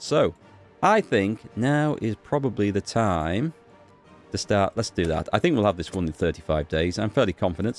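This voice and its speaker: A deep-voiced man talks through a strategy game as he plays it, musing aloud and often pausing on fillers and half-finished phrases. Soft background music runs quietly under his commentary. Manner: thinks aloud, musing with fillers and small restarts. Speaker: gaming YouTuber. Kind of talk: casual gameplay commentary.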